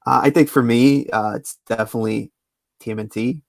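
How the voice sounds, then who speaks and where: Gravelly guy hosting a stream, chill, dry close mic. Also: medium pitch, no room sound. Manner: relaxed, halting with fillers and repeats. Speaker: livestream host. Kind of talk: casual chat.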